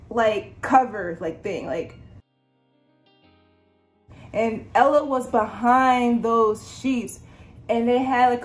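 A young woman vlogger chatting through a storytime in a casual, excited way, full of "like". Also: fairly high pitch. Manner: chatty, lots of "like", excited retelling.

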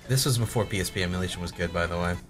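Over music, a man in his late twenties talks rapid-fire in a low, cracking voice. He's a gaming creator giving casual, rambling commentary on his old videos, full of swearing and self-mockery.

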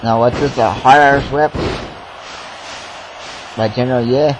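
Male commentator, mid-pitched, casual and excitable, noisy home recording. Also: unhurried. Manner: excitable, swears, shouts at big moves. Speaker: wrestling game commentator.

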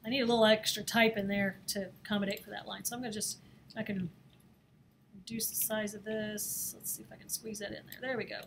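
A woman teaching a screen-recorded design software lesson, talking in a chatty, playful way and laughing at herself as she works. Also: medium pitch, level tone, a little fast, vocal fry, a little hiss or hum. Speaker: design instructor. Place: office or classroom.

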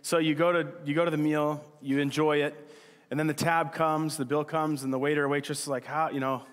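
Joking pastor preaching in an echoing hall. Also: male voice, a little high, flat delivery. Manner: casual, joking and chatty, with quick acted-out asides. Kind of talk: sermon. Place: church hall. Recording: church hall with long reverb.

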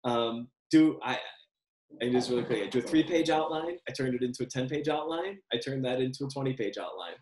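A man in a relaxed interview answers at length, circling back and restarting his thoughts. His voice sits at an ordinary middle pitch and carries a noticeable roomy echo, as if he is talking into a video call from a bare room. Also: brisk. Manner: rambling, self-correcting, laughs often. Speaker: screenwriter guest.

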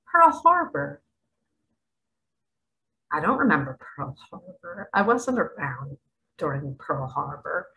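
A middle-aged woman delivering spiritual commentary with real fervor. Her bright voice swoops widely as she leans hard on her points and lingers over her words, now and then sinking to a whisper. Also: low voice, very animated, slow, long pauses, rough recording. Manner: emphatic and dramatic, at times dropping to a whisper. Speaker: spiritual vlogger.

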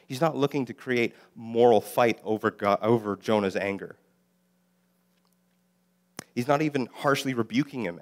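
A man preaching a sermon as a guest speaker, explaining the Hebrew text with fillers and self-corrections and quoting lines in a livelier voice. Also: on the low side. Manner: voices God and Jonah in lively quoted lines.

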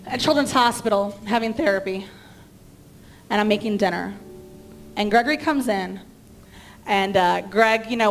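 A middle-aged woman pastor telling a personal story in a sermon, acting out the dialogue of the people in it. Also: medium pitch. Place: church sanctuary.

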